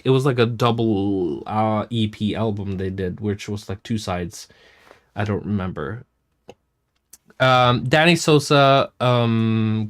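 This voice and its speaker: A man hosting a casual livestream, reading out and answering chat comments in a rambling, self-interrupting way with casual swearing. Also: mid-range voice. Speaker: music producer hosting a chat stream.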